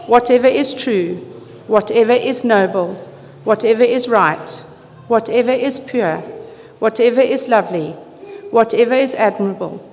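A woman reads scripture at a measured, solemn pace. Her voice carries a long church reverb over a faint background hum. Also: medium pitch, darkish tone. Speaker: Bible reader. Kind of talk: scripture reading.

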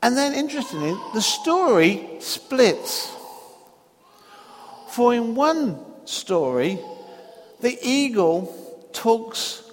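Slow, measured male preacher in a reverberant church. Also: very high voice, sing-song, a little hiss or hum. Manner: slow, measured storytelling with long pauses. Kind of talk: sermon.

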